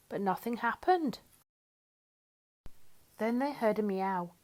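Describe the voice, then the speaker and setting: A woman reading a children's picture book aloud in an expressive, sing-song storytelling manner. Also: medium pitch, a little slow, pauses often.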